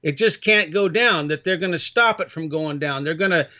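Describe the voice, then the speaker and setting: Man, halting guest, fairly high voice, dull lo-fi sound. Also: sharp tone. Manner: halting, full of restarts and fillers. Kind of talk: casual chat. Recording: dull lo-fi audio.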